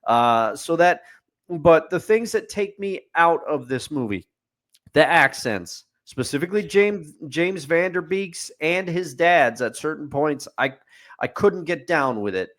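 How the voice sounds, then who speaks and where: A man's voice: fairly high pitch, lively intonation, measured pace, fairly bright tone. A man co-hosting a podcast, giving a casual, opinionated movie review and ticking off his points like a running list. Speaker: podcast co-host.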